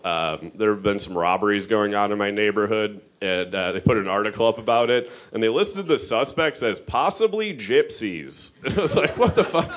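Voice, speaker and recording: A man from Chicago doing a stand-up comedy set, rambling loosely and jumping up in pitch for quoted rants.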